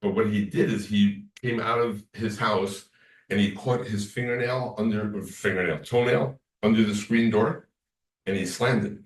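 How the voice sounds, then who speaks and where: A man's voice: lowish voice, steady tone, moderate pace. A man giving a casual lecture to a class, telling stories and acting out what people said. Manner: rambling storyteller, acts out quoted talk. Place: class room. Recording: echoey room from far off.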